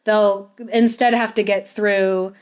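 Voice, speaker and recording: A young woman co-hosting a podcast, retelling a saga in a chatty, animated way. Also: mid-range voice, takes it slowly, smooth. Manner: animated, chatty, laughs often, many "like"s. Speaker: podcast co-host. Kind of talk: casual storytelling.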